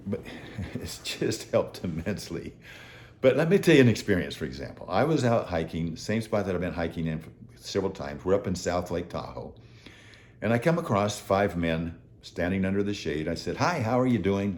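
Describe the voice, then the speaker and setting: Low-voiced man in his seventies, animated. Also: slight background noise. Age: 70s. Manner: earnest, animated storytelling. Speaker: host. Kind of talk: motivational talk to viewers.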